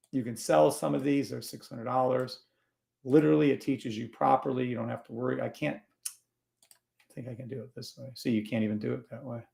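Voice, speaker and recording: Gruff, swearing man streaming live trades. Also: medium pitch, darkish tone. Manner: gruff, blunt and swearing, scolding viewers. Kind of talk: profane live-stream trading commentary.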